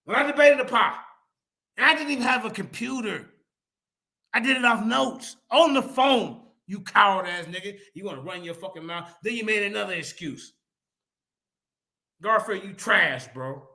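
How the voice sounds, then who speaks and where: Angry high-voiced man ranting. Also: lively intonation, moderate pace, vocal fry, bright, forceful tone. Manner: angry, confrontational, profane; repetitive, emphatic call-outs. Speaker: debate panelist. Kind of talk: heated online panel argument.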